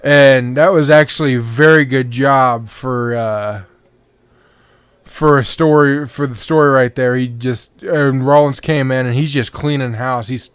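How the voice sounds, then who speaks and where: A man's voice: mid-range voice, fairly even intonation, a little slow, clean tone, no echo. A sleepy man hosting a podcast, giving casual, rambling commentary on a match and swearing now and then. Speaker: podcast host.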